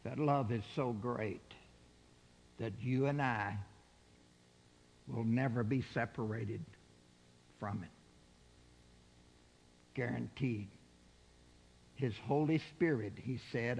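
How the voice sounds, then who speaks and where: An older man delivers a sermon at an unhurried, deliberate pace, his voice a little husky. He keeps putting questions to the congregation. His words ring out with the long reverb of a large hall. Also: mid-range voice, a little mellow, highs cut off. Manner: asks the congregation rhetorical questions. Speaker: preacher.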